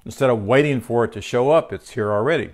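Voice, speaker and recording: Man giving a relaxed home sermon. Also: mid-range voice, fast. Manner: conversational, with fillers and self-corrections. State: tired. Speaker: teacher of spiritual lessons. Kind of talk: home-recorded spiritual teaching. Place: home room.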